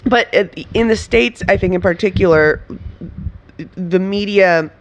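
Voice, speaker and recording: A woman from Venezuela, a writer and performer, talking in a casual interview with animated, laughing delivery and frequent restarts. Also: mid-range voice, a little slow, highs cut off, a little hiss or hum.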